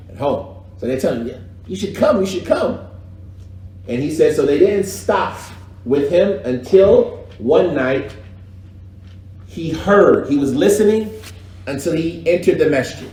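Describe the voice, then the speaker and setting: A man teaching a casual religious class, talking in a lively, slangy way and mimicking recitation styles. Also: on the high side, slight background noise. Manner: animated, conversational, slangy, imitates recitation styles. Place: echoey mosque classroom. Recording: echoey room with faint background ambience.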